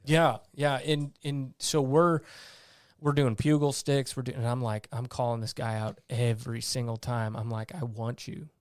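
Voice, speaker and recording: Man, army veteran, interview guest, blunt storyteller, acts out old conversations, clear smooth voice, dry close sound. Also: medium pitch, normal speed, dry recording. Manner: animated storyteller who acts out his own past lines; blunt, salty.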